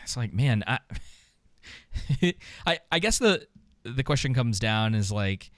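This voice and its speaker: A man co-hosting a podcast thinks aloud during a casual reaction chat. His mid-range voice is expressive and fairly bright, his pace slow, and the recording is clean studio sound with no room sound.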